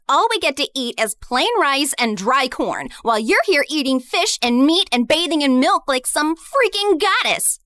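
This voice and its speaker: A woman voicing a bitter, spiteful young woman who sneers and accuses in an animated story. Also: sits high, no room sound, clean studio sound. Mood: resentful.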